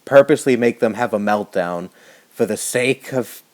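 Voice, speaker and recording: A young man delivering an indignant rant to camera, swearing often and halting with fillers and restarts. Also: lowish voice, darkish tone. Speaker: YouTuber. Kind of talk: angry rant vlog.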